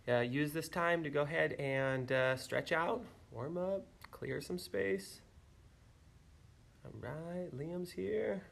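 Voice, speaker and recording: A man teaching an online martial arts class, counting reps and giving instructions with bursts of shouted yells. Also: a little high, slow, gravelly, distant mic, a little hiss or hum. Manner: energetic, calls counts and shouts kiai yells. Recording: echoey room, voice away from the mic.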